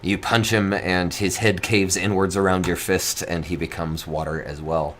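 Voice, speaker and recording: A man narrating a tabletop game as game master, relaxed and chuckling, with many fillers. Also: sits low, normal speed, slight background noise.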